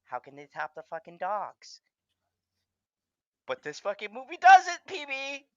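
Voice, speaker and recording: A man hosting a movie watch-along in casual chat, gushing with excitement and swearing freely. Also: sits high, a little slow, no room sound. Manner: excitable, gushing and heavily profane.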